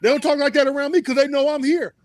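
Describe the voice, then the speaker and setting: A man's voice: very high voice, steady tone, quick pace, noisy background. A man chatting casually on a talk show, telling loose, profane stories and acting out quotes from his kids. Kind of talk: casual chat.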